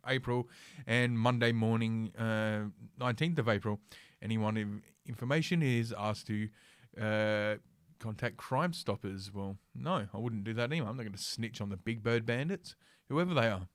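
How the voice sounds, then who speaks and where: A man's voice: mid-range voice, fairly bright tone, no echo, studio quality. Sarcastic, profane male stream host. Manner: sarcastic, profane, mumbling with many fillers. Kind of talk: casual ranting commentary stream.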